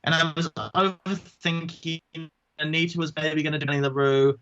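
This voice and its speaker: A man, a drag queen guest chatting casually in an interview, self-mocking and quick to slip into silly voices. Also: fairly high pitch, steady tone, bright, forceful tone, highs cut off.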